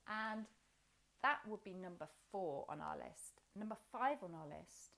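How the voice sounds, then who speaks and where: A woman's voice: lowish voice, big pitch swings, unhurried, vocal fry, fairly bright tone. A woman guiding a children's yoga and movement class, encouraging and playful as she talks the class through each pose. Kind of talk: guided class instruction.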